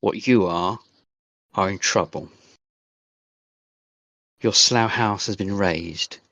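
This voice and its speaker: Man doing a cold female captor, German accent, tinny intercom voice, low and unhurried. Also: pushed and bright, dry recording, heavily acted. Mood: cold commanding. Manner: cold, commanding. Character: stern foreign woman on a crackly intercom. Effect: tinny old intercom.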